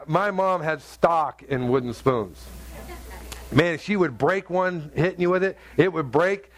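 Animated middle-aged male preacher. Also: sits high, no room sound. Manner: animated storytelling with sound effects and humor. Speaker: pastor. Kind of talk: sermon.

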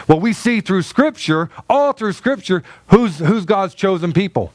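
A man's voice: high-pitched, lively intonation, normal speed, few pauses, no room sound. A male pastor preaching a sermon to a congregation, emphatic, with many fillers and restarts, in a church.

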